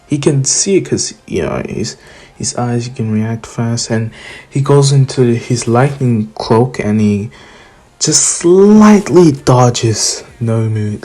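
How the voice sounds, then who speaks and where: A man slowly telling a homemade fan story, his voice slightly husky. He rambles, restarts sentences and strings events together loosely with easy fillers. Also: medium pitch, a little mellow. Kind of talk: casual fan story narration.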